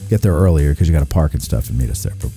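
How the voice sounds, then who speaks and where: A man's voice: rumbling low, lively intonation, rapid-fire, loud music behind the voice. A man hosting a live show in casual chat, joking and chatty with a lot of fillers. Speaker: host.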